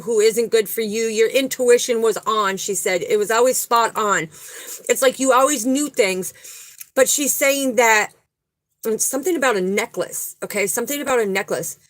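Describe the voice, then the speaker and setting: Lady doing a spiritual card reading, kinda high voice, earnest and repeats stuff, no room sound at all. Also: no echo, rough recording. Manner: earnest, soothing, repeats words for emphasis. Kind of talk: psychic reading, spoken to the viewer.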